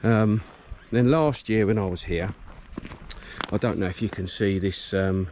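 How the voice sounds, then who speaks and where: Outdoors on a reservoir bank, a middle-aged match angler films his day on a handheld camera, chatting casually about his fishing setup in a low, unhurried voice. His vlog commentary is full of ums and restarts, and loud wind noise fills the recording.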